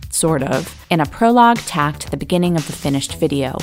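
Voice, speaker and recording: A woman's voice: deep voice, animated, brisk. A woman hosting a podcast, giving scripted narration with a wry storytelling delivery. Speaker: podcast host. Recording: narration over background music.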